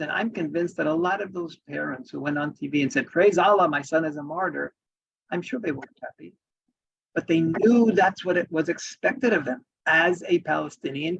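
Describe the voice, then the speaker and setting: Earnest guy reading examples out loud, gravelly and kinda husky, muffled lo-fi audio. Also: fairly high pitch. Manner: earnest, emphatic, with frequent restarts. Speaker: advocacy speaker. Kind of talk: spoken presentation reading quoted examples. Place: in Washington. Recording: dull lo-fi recording.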